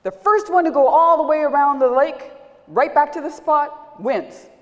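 A brash little rabbit, a mischief maker who is always sure he will win, talks high and loud and throws out challenges, as a woman puts him on. His boasts ring out with a long echo, as in a big lecture hall. It sounds like an animal in a folk tale told aloud. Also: normal speed, lightly acted. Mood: cocky. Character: cocky mischief-making male rabbit.

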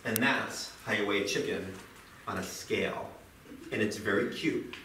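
A man teaching high schoolers in a classroom, chatty and self-deprecating, with lively jokes. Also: moderate pace, background noise. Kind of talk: classroom lecture. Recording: roomy, distant classroom mic.

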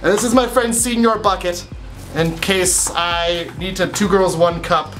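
A man's voice: high voice, steady tone, a little slow, over music. A young man hosting a comedic dare vlog and making goofy, wry asides. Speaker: host of a dare show.

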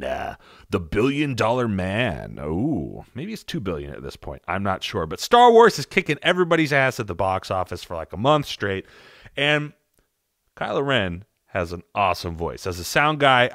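A man's voice: on the low side, fairly bright tone, no room sound, studio quality. A man hosting an audio tutorial in a rambling, jokey, profane way. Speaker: tutorial host, sound designer. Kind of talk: casual tutorial talk.

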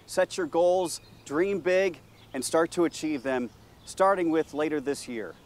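A man's voice: a little high, measured pace. A news anchor in his fifties gives an upbeat video greeting with an announcer's delivery. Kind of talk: recorded video message.

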